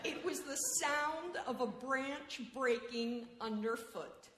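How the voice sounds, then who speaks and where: A woman reading a story aloud expressively, with dramatic pauses and hushed suspense. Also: high-pitched. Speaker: reader. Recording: echoey hall, faint noise.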